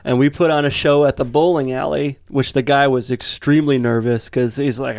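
A man hosting a casual podcast, telling stories in an animated way and breaking into high impressions of people. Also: fairly quick, dry recording, clean studio sound.

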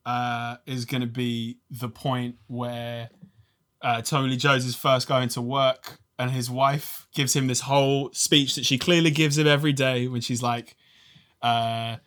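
A man co-hosting a casual film review podcast, animated and ranting, swearing freely. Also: medium pitch, measured pace. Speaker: podcast co-host.

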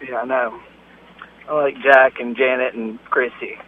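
A man's voice: mid-range voice, level tone, unhurried, narrow, tinny audio, slight background noise. A man taking a call on speakerphone while driving, flustered and laughing. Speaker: prank call target. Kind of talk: phone call. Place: in a car, driving. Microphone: phone on speakerphone.

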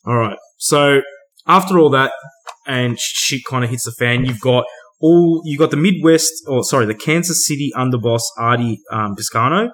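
A man hosting a casual podcast, recapping a film in a relaxed, profane way, laughing often and acting out characters' lines. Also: mid-range voice, moderate pace. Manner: laid-back, swears freely, laughs often, acts out lines. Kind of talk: casual chat.

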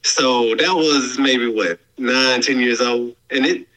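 A man co-hosting a podcast, chatting in a rambling, animated way. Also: medium pitch, slow pace, rough recording. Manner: animated, rambling, with laughs and restarts. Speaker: podcast co-host. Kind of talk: casual chat.

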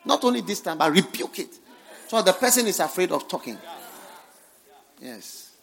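Fiery male preacher swinging quiet to loud. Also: high-pitched, sing-song, moderate pace, gravelly. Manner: dramatic swings between hushed and shouted lines; repeats phrases for emphasis. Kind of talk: revival sermon.

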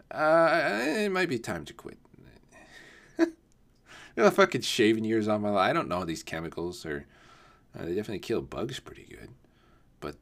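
A man rambling in a casual solo podcast, swearing often and laughing at himself. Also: sits low. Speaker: podcast host. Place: home, not on camera.

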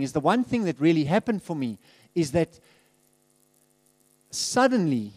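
A man's voice: high-pitched, darkish tone, no echo. A middle-aged man giving a candid, conversational testimony as a guest speaker in a church, laughing often and restarting his sentences.

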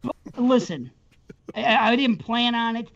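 A man's voice: extremely high pitch, moderate pace, gravelly, a bit bright. Middle-aged man, podcast co-host, rambling profane storyteller, muffled lo-fi audio. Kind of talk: casual chat, storytelling. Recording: dull lo-fi sound.

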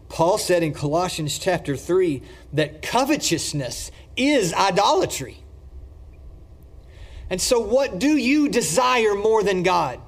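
Slow, high-voiced male preacher. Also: creaky. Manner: emphatic preaching, swings from loud to hushed. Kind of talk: sermon.

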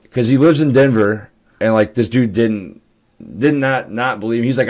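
A man's voice: medium pitch, normal speed, darkish tone. A young adult man co-hosting a podcast, telling loose stories with laughs and swearing. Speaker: podcast co-host. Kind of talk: casual chat.

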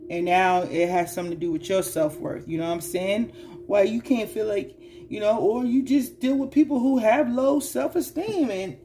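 A woman's voice: medium pitch, a little hiss or hum. A woman giving a casual tarot reading to her viewers, chatty and slangy, teasing and scolding the listener and often asking "you know what I'm saying?". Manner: teasing and scolding the listener with sudden loud bursts. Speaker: tarot reader.

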